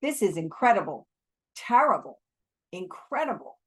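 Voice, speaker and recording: A woman's voice: medium pitch, sing-song, moderate pace, breathy edge. A woman reading aloud, voicing a burly, panicked Afrikaner lion expert who speaks urgently and emphatically.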